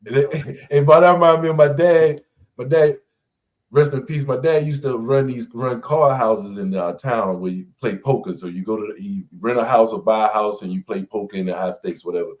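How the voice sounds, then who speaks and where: A man's voice: mid-range voice, fairly even intonation, moderate pace, darkish tone. A man in casual chat telling a funny family story and acting out the voices in it. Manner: laughing, storytelling, acts out voices. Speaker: instructor.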